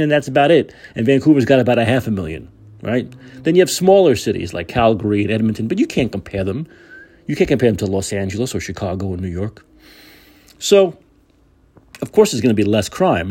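A man hosting a talk show, ranting in a heated voice with plenty of emphatic repetition. His pitch swings widely, jumping up and dropping low from one phrase to the next. His tone carries a slightly husky edge. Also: a little mellow. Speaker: host. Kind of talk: political commentary monologue.

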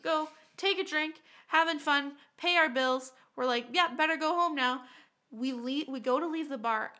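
A woman telling viewers a story in a casual, animated way, swearing freely, acting out quotes and laughing as she goes. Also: sits high, moderate pace. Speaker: storytime vlogger.

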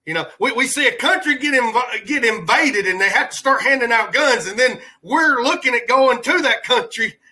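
A man's voice: extremely high pitch, expressive, moderate pace, hardly any pauses, pushed and bright, poor audio. A man hosting a podcast, giving rambling, heated political commentary in a colloquial way. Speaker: podcast host.

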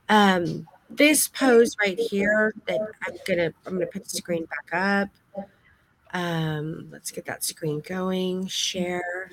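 A woman's voice: mid-range voice, slow pace, no echo. Gushing woman photography instructor, dry sound. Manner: gushing, effusive praise. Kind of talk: live-streamed critique session.

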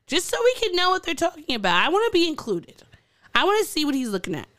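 A woman's voice: very high voice, big pitch swings, quick pace, fairly bright tone, no echo, studio quality. A woman co-hosting a podcast, telling odd news stories in a rambling, giggly casual chat. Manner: giggly, rambling with fillers and restarts. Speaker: podcast co-host.

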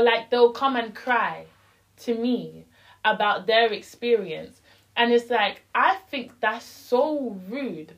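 A woman's voice: medium pitch, far from the mic, rough recording. A young woman in casual podcast chat, speaking passionately and heating up into a rant. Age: young adult. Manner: impassioned, rising to a heated rant. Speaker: podcast co-host.

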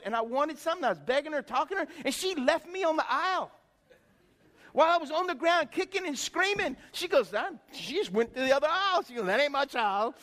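A man's voice: very high-pitched, fairly bright tone, long reverb tail. A middle-aged male pastor giving a folksy sermon, calling out to his congregation with rhetorical questions. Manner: folksy, preachy, calls out to the congregation. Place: church sanctuary.

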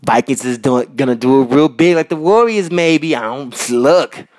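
A man from Minnesota hosting a podcast, talking casually and giving loud, repetitive shout-outs full of slang. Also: mid-range voice, animated, moderate pace. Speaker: podcast host. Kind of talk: casual solo podcast monologue. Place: North Minneapolis.

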